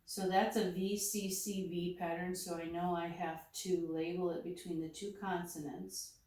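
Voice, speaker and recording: A woman's voice: fairly low pitch, little pitch movement, moderate pace, a little mellow. A woman teaching a lesson, working through each word step by step and naming every action aloud as she does it. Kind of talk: slow step-by-step phonics demonstration. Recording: very echoey room, voice from a distance.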